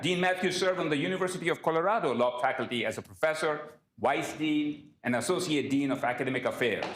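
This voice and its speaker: A man with a slightly raised pitch reads a formal introduction for a guest speaker. His voice rings through a roomy, echoing lecture hall, measured and prepared. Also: fairly bright tone, slight background noise. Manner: reads from prepared remarks, occasional slips. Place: university event hall.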